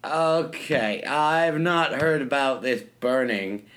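A podcast co-host with a mid-range, fairly bright voice talks slowly in a casual chat. He's a laid-back storyteller who swears freely.

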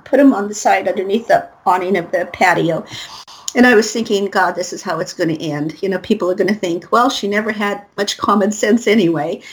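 A woman's voice: mid-range voice, low-quality recording. A middle-aged woman guest telling a personal story in an interview, acting out the voices of the people in it. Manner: animated storyteller acting out quotes.

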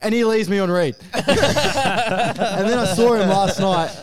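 On a casual podcast, a male comedian with a high voice tells a story slowly, acting out both sides of the conversation while swearing freely and laughing throughout. The sound is clean studio quality with no echo.

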